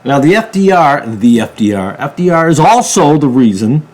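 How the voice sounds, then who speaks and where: A man from a ministry channel giving a political commentary monologue, emphatic, jumping from loud bursts to low mutters. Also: big pitch swings, moderate pace. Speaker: ministry preacher.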